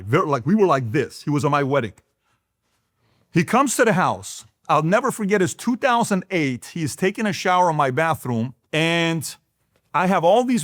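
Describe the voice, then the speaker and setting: A man's voice: a little high, dry recording, studio quality. A man, hosting a business talk and speaking emphatically to camera, full of rhetorical questions. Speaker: business talk show host.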